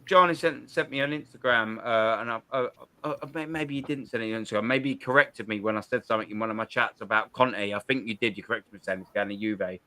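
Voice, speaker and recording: A man's voice: fairly low pitch, fast talker, bright, forceful tone, dry recording. A young man hosting a football call-in show, chatting casually in slang with lots of restarts. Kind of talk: casual chat.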